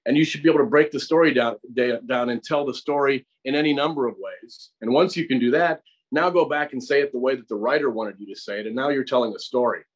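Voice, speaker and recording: A man's voice: medium pitch, quick pace, rough recording. A middle-aged man with an American accent, a guest actor and acting teacher who explains his process at length in a conversational interview, often restarting and repeating words. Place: acting studio.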